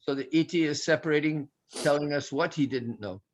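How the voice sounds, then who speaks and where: Teacher man, slightly high, muffled sound. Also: a little fast. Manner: patient, explanatory, with filler restarts. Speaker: Sanskrit teacher. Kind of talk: online class, explaining grammar.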